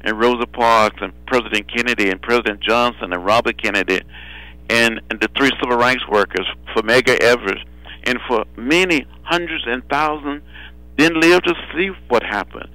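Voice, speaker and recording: An older man speaks as a phone guest, his voice bright and forward. He is measured and builds rhythm by repeating phrases. The sound is dry, with no room around it. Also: medium pitch, no echo, poor audio. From Alabama. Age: 70s. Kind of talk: phone interview storytelling. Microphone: telephone.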